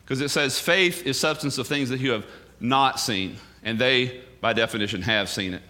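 A man's voice: mid-range voice, normal speed, pushed and bright. A male pastor giving a sermon in an emphatic, conversational way, full of rhetorical questions.

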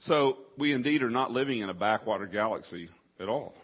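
A man preaching a sermon to a congregation, his voice husky and interrupted by coughing. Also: medium pitch, animated, fairly quick, muffled recording. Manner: coughing, choked up.

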